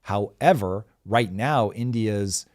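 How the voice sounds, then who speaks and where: Low-voiced guy hosting a live show, explaining stuff in a calm measured way, lots of ums, dry close mic. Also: dry recording. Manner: explanatory, measured, many fillers. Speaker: show host. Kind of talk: casual live-show commentary.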